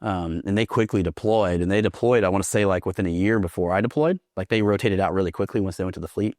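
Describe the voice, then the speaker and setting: A man's voice: low-pitched, fast talker, darkish tone, dry recording, clean studio sound. A man who is a Marine veteran, a guest in a casual interview, telling stories with plenty of swearing and laughter. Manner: profane, laughs through his stories.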